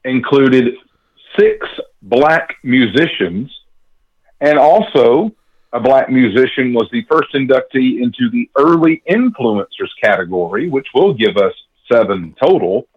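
Guy hosting a trivia game, bouncy voice, reads questions slow, kinda muffled audio. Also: medium pitch, expressive, breathy edge. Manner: slow, deliberate question reading. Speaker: quiz host.

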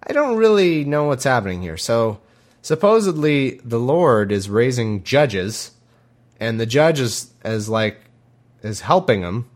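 A man giving sarcastic, irreverent commentary between readings, often halting and restarting his sentences. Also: medium pitch, big pitch swings. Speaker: podcast host reading scripture.

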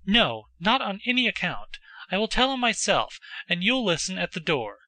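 A man voicing an excitable, earnest teenage girl who talks in a breathless, pleading way at a raised pitch. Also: normal speed, no room sound, full character voice.

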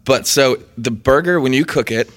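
A man's voice: medium pitch, moderate pace, fairly bright tone. Rambling casual man on a podcast. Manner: rambling, hesitant, laughs at himself.

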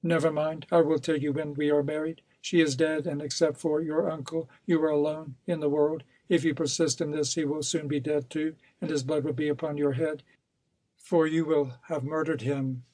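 A man's voice: on the high side, flat delivery, normal speed, mellow, no room sound, close to an everyday voice. A man voicing a ruthless male villain in a novel reading, cold and insistent, turning coaxing. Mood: villainous. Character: scheming, ruthless male villain, pleading and menacing.

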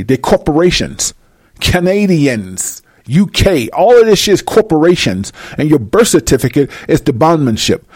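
A man's voice: fairly high pitch, a little mellow, no room sound, studio quality. A man delivering a heated, profane monologue rant, speaking emphatically to his viewers.

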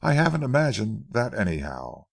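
A man reading as a steady police corporal in an old adventure story, speaking quietly and deliberately. The voice is low and gravelly, and the recording is close and dry. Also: no echo, exaggerated voice.

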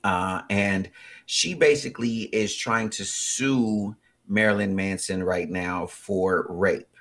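Husky, rambling man in his forties. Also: fairly low pitch, slow pace. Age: 40s. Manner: rambling, filler-heavy, animated bursts. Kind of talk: casual chat.

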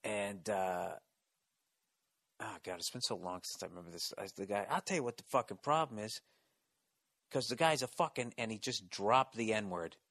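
A man's voice: lowish voice, normal speed, fairly bright tone. A man, a stand-up comedian, telling a story in a casual, rambling way, swearing constantly and restarting his sentences.

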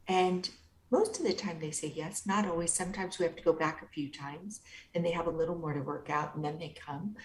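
A woman with a slightly low voice talks in a gentle, unhurried, therapeutic way. Her voice carries a roomy echo, with a faint hum of background noise behind it. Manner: calm, gentle, soothing therapeutic delivery. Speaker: guest author and inner-child coach. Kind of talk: interview answers.

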